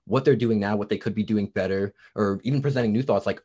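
A man's voice: lowish voice, fast talker, dark tone. A man in his twenties from New Jersey, with a Jersey accent tinged Southern, rambling through a casual podcast interview with lots of fillers. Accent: New Jersey, with some Southern US. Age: 20s. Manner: rambling, lots of "like" and "you know". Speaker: guest producer and TikTok creator.

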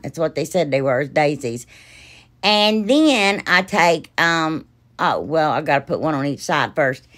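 Woman, craft vlog host, casual tutorial narration, chatty, rambling, enthusiastic, slightly low pitch. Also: a bit bright.

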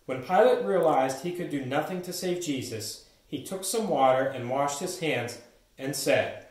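A man's voice: fairly high pitch, measured pace. Man narrating in an echoey church. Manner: steady storybook reading aloud. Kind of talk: church pageant reading. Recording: echoey church, distant mic.

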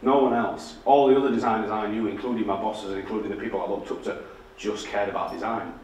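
A man's voice: on the low side, fairly even intonation, fast talker, a little mellow, far from the mic, slight background noise. A man with a Yorkshire accent giving a candid, sweary storytelling talk to an audience. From Barnsley, England. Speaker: guest speaker. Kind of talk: public talk. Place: large indoor lecture hall. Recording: echoey hall from afar.

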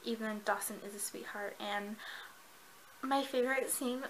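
A woman reviewing a book in a casual vlog, gushing and excitable, with lots of fillers. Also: medium pitch, moderate pace, a little hiss or hum, poor audio.

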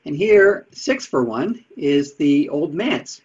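A man's voice: on the high side, very animated, slow, a little mellow, breathy edge. A man giving a casual lecture on history with slides, chatty, with dry asides. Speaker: presenter of talks on Unitarian history. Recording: dull lo-fi sound.

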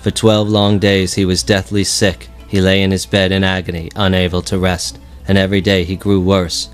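A man with a very low voice reads an ancient epic in a slow, solemn audiobook style. His delivery stays level and even, with little rise and fall. Soft music plays faintly under him. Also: smooth. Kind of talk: scripted audiobook narration of an epic. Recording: faint music bed behind.

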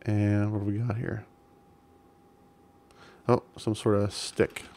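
A man's voice: fairly low pitch, little pitch movement, slow pace, creaky, darkish tone, a little hiss or hum. A man casually commenting while playing an old adventure game, reading game text aloud with amused chuckles.

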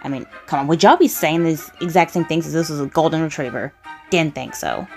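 A woman's voice: low voice, expressive, fairly quick, faint music behind. A woman reacting to comments in casual commentary, blunt, indignant and profane. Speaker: video creator reacting to comments.

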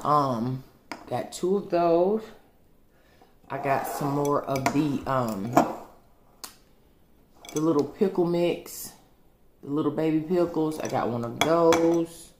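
Lady rambling to y'all at her table, low voice, takes her time, noisy home audio. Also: slow, long pauses. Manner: rambling, chatty, talks to viewers as "y'all". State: out of breath. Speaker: vlogger. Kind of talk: casual chat to camera.

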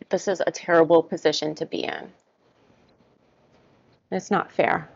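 A woman guides a tapping exercise and works through short first-person statements one after another in an even rhythm. Her voice sits low and has a gravelly fry. The recording is dry and sounds a little dull. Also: measured pace, no echo. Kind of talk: guided tapping, spoken affirmations.

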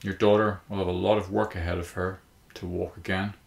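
A man voicing a matter-of-fact male hospital doctor who speaks briskly and clinically, in a storybook reading. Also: low voice, flat delivery, gravelly. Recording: roomy echo.

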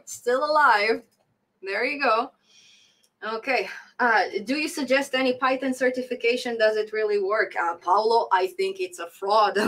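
A woman's voice: mid-range voice, a bit bright, low-quality recording. A woman in her thirties hosting a casual coding live stream, reading chat comments aloud, laughing often and repeating phrases for emphasis.

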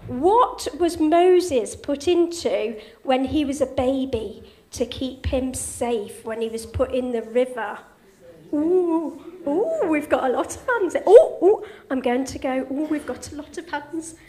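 A woman's voice: high-pitched, lively intonation, slow pace, mellow. A woman giving an informal church talk, cheery and encouraging, quizzing children and telling a story. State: a bit out of breath. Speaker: church speaker leading a children's quiz and talk.

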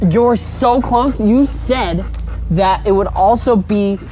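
A man's voice: high-pitched, takes it slowly, mellow, slight background noise, poor audio. A young man in his twenties pleading with someone in exasperation during casual chat.

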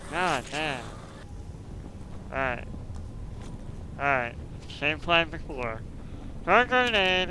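A frustrated man commentating his gameplay, swearing constantly and swinging between muttered complaints and yelling outbursts. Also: on the high side, slight background noise, rough recording. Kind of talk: raging let's-play commentary.

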